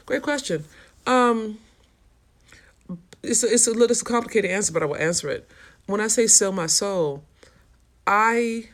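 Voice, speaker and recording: A woman's voice: medium pitch, lively intonation, moderate pace, long pauses. A woman hosting a casual livestream, frankly answering viewer comments in a streetwise way. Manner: frank and streetwise, swears freely. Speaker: livestream host.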